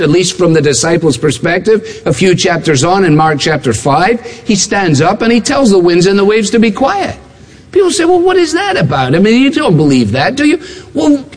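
Male preacher, high-pitched and emphatic, recorded in a large church hall with long reverb. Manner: emphatic, building repetition, acts out quoted voices. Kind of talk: sermon.

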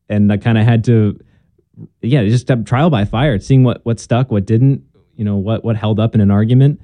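A man's voice: on the low side, normal speed, dark tone, no room sound. A young man, a guest in a conversation, telling his story in an earnest, casual way and acting out bits of past dialogue.

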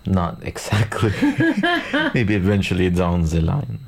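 Laid-back man with a lively low voice. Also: takes it slowly, gravelly. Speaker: radio co-host. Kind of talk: casual on-air banter.

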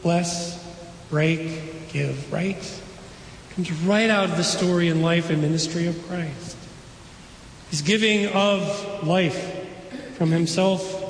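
A pastor preaching a sermon, conversational, with playful asides to the congregation. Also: male voice, sits high, slight background noise. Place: church sanctuary. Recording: echoey sanctuary, long reverb.

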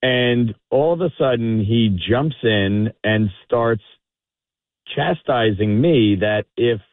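A man's voice: mid-range voice, slow pace, no room sound. Storytelling man on a phone line. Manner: animated storyteller who acts out the quotes. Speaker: politician calling in as guest. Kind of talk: anecdote on a call-in radio show.

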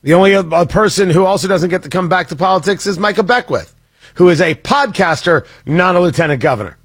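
A male talk radio host with a slightly husky voice, recorded close and dry in a studio booth. He talks through political news in a mocking, sarcastic tone, doubling back on his words as he goes. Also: high-pitched, expressive, fast talker, no echo. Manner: sarcastic, mocking, with frequent restarts.

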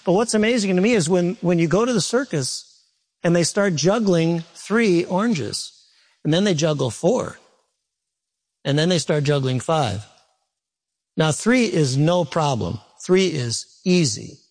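High-voiced, animated preacher man. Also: measured pace. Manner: animated, conversational preaching with repetition and asides to the congregation. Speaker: pastor. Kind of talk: sermon.

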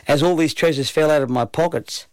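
An Australian man narrates a children's story in a relaxed, lively first-person telling. His voice has a gravelly, fry-laden texture, recorded dry and close with no room sound. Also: on the high side, no room sound.

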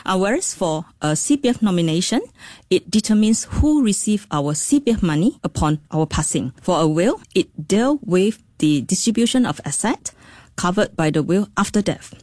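A woman who directs financial services answers radio interview questions about legal and money matters, using frequent "ums" and "okays." Her medium-pitched voice is expressive and darkish at a moderate pace, recorded dry with clean studio sound.

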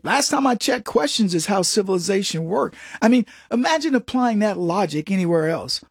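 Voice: medium pitch, expressive, moderate pace, creaky, few pauses, breathy edge, no room sound, clean studio sound. A commentator giving a sarcastic opinion monologue, mocking people and acting out quotes.

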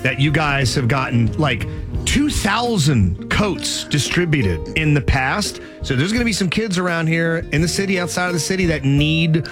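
Male morning radio host, joking, lively pitch, studio mic. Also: moderate pace, music in the background. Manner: jokey, plugs the phone number.

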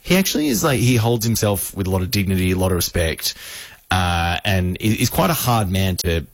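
A radio host telling a funny story, acting out the people in it with lively voices. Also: male voice, deep voice, fairly quick, dry recording. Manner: animated, acts out the people in his story.

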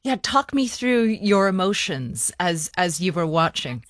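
A woman presenting a weekend radio news program, running interviews in a measured, friendly tone. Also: lowish voice, very animated, no room sound, clean studio sound.

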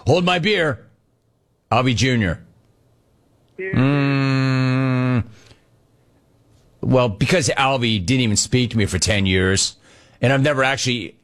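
A man hosting a sports talk show with a mid-pitched voice that sits in the usual middle range. He talks in a casual way, reading out listener messages and breaking into animated stories. Along the way he mimics the people he quotes. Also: slow, long pauses.

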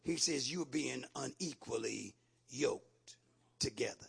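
A man preaching a sermon in call-and-response style, rising from a low, quiet delivery to loud shouting. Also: animated, moderate pace, gravelly, breathy edge.

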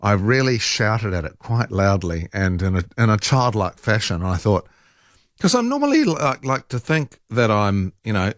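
A man hosting talk radio, chatting casually in an animated, exasperated way with frequent ums and restarts. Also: on the low side, no room sound, clean studio sound.

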